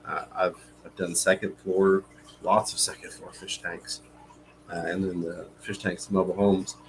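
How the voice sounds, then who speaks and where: A man co-hosting a casual live stream, talking in a relaxed way with many fillers and reading viewer comments aloud. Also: sits low, normal speed, noisy background. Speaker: livestream co-host.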